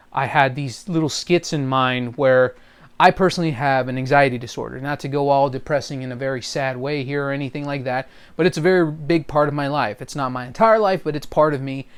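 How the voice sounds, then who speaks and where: A man's voice: mid-range voice, steady tone, fairly quick, clean tone. A man talking casually about voice acting and impressions, rambling with many fillers. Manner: rambling, full of fillers and trailing phrases. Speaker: hobby voice actor. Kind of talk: casual vlog talk.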